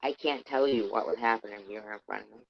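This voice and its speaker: A woman ranting angrily on a livestream, swearing heavily and swinging between low muttering and loud outbursts. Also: fast talker, vocal fry. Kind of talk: angry ranting livestream commentary. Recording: dull lo-fi stream audio.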